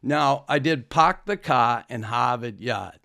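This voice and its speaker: A man's voice: medium pitch, lively intonation, takes it slowly, creaky, bright, forceful tone. A man with a Boston accent, co-hosting a podcast in blunt, swearing casual talk. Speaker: podcast co-host. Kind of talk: casual chat.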